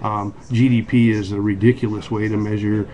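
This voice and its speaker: A man's voice: on the low side, level tone, normal speed, dark tone. An American man giving an earnest solo monologue for a video blog, full of ums and restarts. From United States. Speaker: video blogger. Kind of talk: casual monologue to camera.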